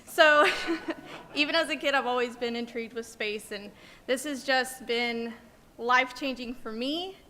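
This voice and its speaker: A woman's voice: a little high, a little slow, sharp tone. A woman teacher giving an emotional conference speech, nervous and close to tears. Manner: emotional, tearful, laughing nervously. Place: museum conference hall. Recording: long hall reverb, faint noise.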